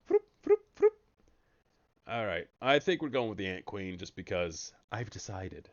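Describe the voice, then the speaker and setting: A man giving casual, jokey commentary while streaming a card game, breaking into sudden high excited yelps. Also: moderate pace, muffled recording.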